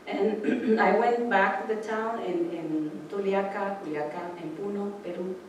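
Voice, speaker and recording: A woman speaking influenced English gives an informal sermon full of spiritual stories, animatedly acting out voices and laughing. Her medium-pitched voice keeps a measured pace, with a little hiss or hum, recorded from far off in an echoey room.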